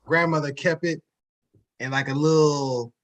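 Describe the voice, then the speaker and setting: A man's voice: a little high, fairly even intonation, unhurried. A man co-hosting a casual sports chat, telling a profane story with frequent laughs. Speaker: podcast co-host.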